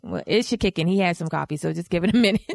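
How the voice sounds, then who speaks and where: A woman with a low, gravelly voice co-hosts a podcast in relaxed chat. She is playful and teasing, and she laughs often. The sound is close and dry, with no room around it. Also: quick pace, no echo. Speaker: podcast co-host. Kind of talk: casual chat.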